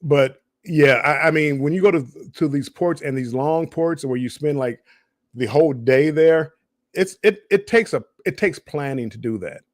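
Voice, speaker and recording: A man's voice: on the high side, moderate pace, dry recording. Rambling middle-aged man, dry sound. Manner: rambling, many restarts and repeated words. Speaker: cruise show co-host. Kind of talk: casual live-stream chat.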